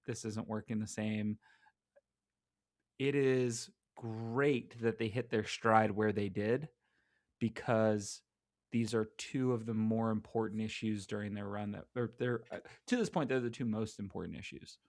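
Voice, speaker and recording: A man co-hosting a casual podcast, rambling and halting with heavy use of "like". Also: lowish voice, steady tone, darkish tone, no echo, clean studio sound. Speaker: podcast co-host. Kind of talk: casual chat about comics.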